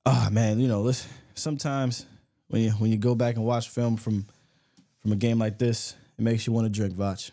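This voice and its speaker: A man's voice: fairly low pitch, steady tone, normal speed, warm tone. A man hosting a casual sports podcast, talking in a loose, joking way and often repeating words. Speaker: podcast host. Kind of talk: casual sports chat and sponsor read.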